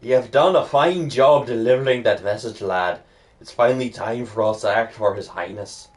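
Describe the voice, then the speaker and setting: A man doing a badly faked Scottish accent as a gruff older male mercenary swordmaster with a hearty manner. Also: mid-range voice, normal speed, lightly acted. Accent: put-on Scottish, badly done. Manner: hearty, gruff, addressing a lad.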